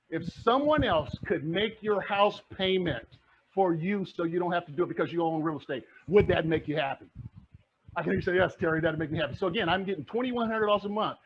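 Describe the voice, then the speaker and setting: A husky, high-pitched man fires question after question at a club audience in an upbeat investing pitch. The sound is dull and lo-fi. He talks with the push of a motivational presenter. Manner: acts out the audience's replies. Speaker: real estate investor and presenter. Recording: dull lo-fi recording.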